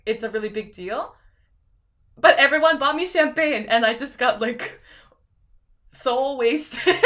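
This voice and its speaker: A young woman with a lisp, chatting casually on a live stream and reading viewer comments out loud, rambling with lots of fillers. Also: high-pitched. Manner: rambling, filler-heavy, laughs often.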